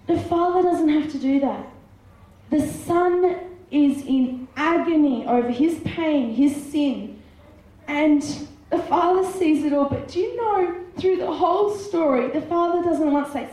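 A woman's voice: high voice, unhurried, dark tone. A woman preaching a sermon, impassioned, retelling a story and voicing its characters. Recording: very echoey hall.

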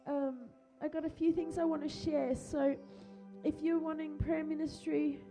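A woman pastor, speaking gently and encouragingly, often repeating her phrases, during a church service and children's talk. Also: sits high, level tone, normal speed, over music. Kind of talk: worship prayer and children's talk. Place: church hall. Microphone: handheld microphone.

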